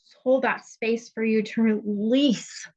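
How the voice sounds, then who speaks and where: A woman's voice: on the high side, fairly even intonation, takes it slowly, darkish tone, dull audio. A woman spiritual coach giving an earnest, intense, confessional teaching monologue, blunt and unafraid to swear.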